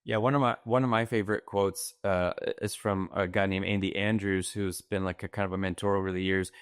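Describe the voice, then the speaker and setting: A man appearing as a guest author in a podcast interview, speaking in an emphatic, motivational way with quick bursts. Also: deep voice, steady tone, clean tone, no echo, studio quality. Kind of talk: conversational interview.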